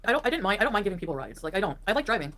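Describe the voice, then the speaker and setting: A woman chats casually on a livestream from her home, wandering from thought to thought with many fillers. Her pitch swings widely, and she keeps breaking off mid-sentence to coo at her pets. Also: big pitch swings, racing, fairly bright tone. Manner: rambling, full of fillers, breaks off to talk to pets.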